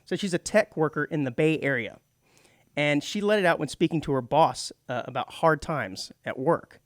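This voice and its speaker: A man's voice: fairly high pitch, moderate pace, a bit bright, no room sound, clean studio sound. A middle-aged man co-hosting a radio show, chatting casually and laughing often. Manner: chatty, laughs often, slips into mock British voices. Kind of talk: casual talk radio banter. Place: radio studio.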